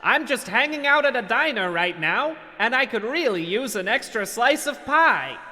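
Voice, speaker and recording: A man doing an impression of a folksy, earnest middle-aged male film director, in a slow, high and bright voice. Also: lively intonation, in a large hall, heavily acted. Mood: friendly.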